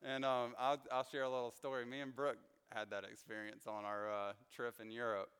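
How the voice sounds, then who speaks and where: A man leading a Bible study, telling stories in a chatty, animated way with many fillers. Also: medium pitch, fairly quick, clean tone. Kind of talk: casual storytelling Bible study talk. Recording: long hall reverb.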